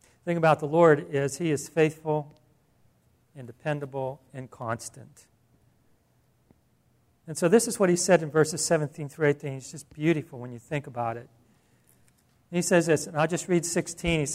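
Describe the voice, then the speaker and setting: A man's voice: a little high, moderate pace, long pauses, a little mellow. A man preaching a sermon in a conversational way, piling up rhetorical questions and rising in emphasis. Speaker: pastor.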